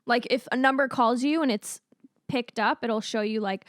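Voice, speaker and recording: Brief: woman podcast co-host, high voice, animated casual storyteller, dry close sound. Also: moderate pace, no echo.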